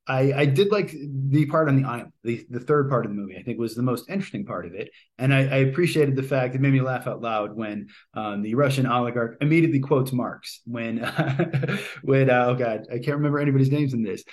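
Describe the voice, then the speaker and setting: Man, casual movie review, rambling delivery, many ums and restarts, mid-pitched voice.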